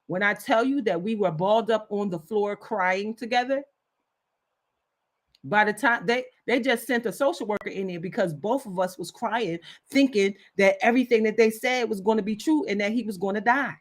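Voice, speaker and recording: A woman's voice: mid-range voice, moderate pace. A woman giving an impassioned wellness talk in a preachy, urgent way, driving her points home through repetition. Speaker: wellness speaker.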